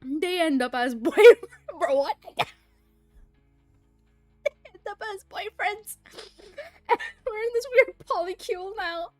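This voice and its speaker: A young woman with a high voice is chatting on a livestream, recounting a story in an animated way, laughing often and swearing freely. She takes her time and doesn't rush, and the mic sounds close and dry, with no room around her. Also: slow, pauses often, no echo, faint music behind. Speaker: streamer and voice actor. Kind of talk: casual chat recounting a story.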